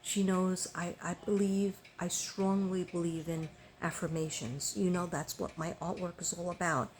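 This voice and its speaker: A woman's voice: fairly low pitch, steady tone, moderate pace, darkish tone, slight background noise. Chatty older woman, rambling vlog. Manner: rambling, chatty, frequent ums and restarts. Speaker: vlogger. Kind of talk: casual chat to viewers.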